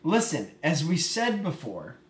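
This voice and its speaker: A man's voice: on the high side, wildly swooping pitch, unhurried. A man hosting a podcast, playfully teasing his co-host and running a silly game. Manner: playful, teasing, laughs often. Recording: echoey room.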